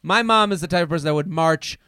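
Man, podcast host, high voice, animated storyteller, dry close mic. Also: fast, clear, resonant tone, dry recording. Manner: animated storyteller, acts out his mom's lines in a high voice. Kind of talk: casual storytelling chat.

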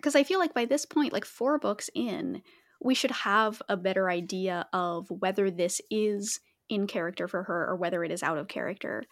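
A woman co-hosting a relaxed book podcast. She talks in a chatty way with plenty of fillers and laughs easily. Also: medium pitch, moderate pace. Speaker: podcast co-host. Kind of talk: casual book discussion chat.

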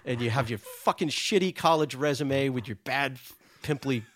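A man in his sixties from New England, a guest telling a story in casual chat, animated, profane and self-mocking. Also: medium pitch, normal speed.

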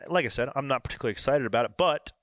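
A man hosting a podcast, chatting loosely and excitedly about racing. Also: mid-range voice, very fast, no room sound. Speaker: podcast host and race driver. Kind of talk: casual podcast banter.

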